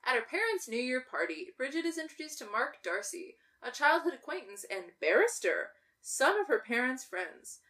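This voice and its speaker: A woman's voice: high-pitched, very animated, normal speed, sharp tone, far from the mic. A woman, co-hosting a casual movie podcast, sarcastic and swearing freely. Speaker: podcast co-host. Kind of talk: casual movie recap chat.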